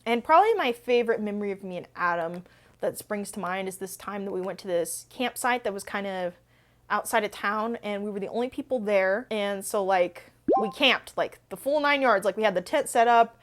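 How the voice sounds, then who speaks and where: A woman's voice: mid-range voice, fairly quick. Chatty young woman telling stories. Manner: chatty, filler-heavy, rambling. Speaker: book channel host. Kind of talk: casual Q&A storytelling.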